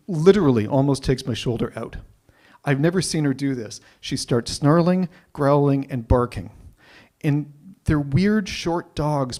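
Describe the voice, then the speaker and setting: A man telling a personal story live, animated and often repeating himself as he builds up. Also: on the high side. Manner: animated, repeats words when excited.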